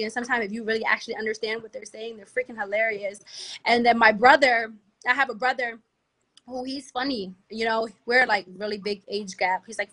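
A young woman from the DMV area, a music artist who talks in a brash, animated way and laughs often. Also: a little high. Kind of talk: casual interview chat.

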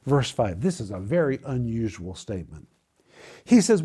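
Man preaching with a dark mellow voice. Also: big pitch swings, normal speed, slightly rough. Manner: preaching with dramatic pitch swings; addresses listeners as "my friends". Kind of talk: sermon.

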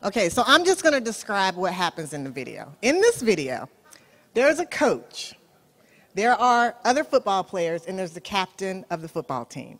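A woman's voice: medium pitch, big pitch swings, normal speed, in a large hall. A woman preaching a sermon, telling a story with animation and speaking straight to her listeners.

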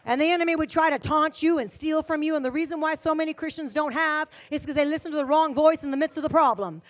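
A woman preaching a sermon in a commanding, emphatic style, her loudness rising and falling widely. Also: high voice, fast.

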